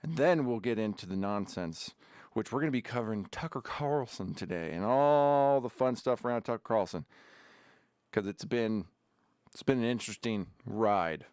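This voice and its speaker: A man's voice: fairly low pitch, animated, normal speed, a little mellow, clear, resonant tone, no room sound. A man hosting a casual livestream from his home studio, chatting in a rambling way with sarcastic asides between sips of beer. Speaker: livestream host. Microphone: desk camera setup.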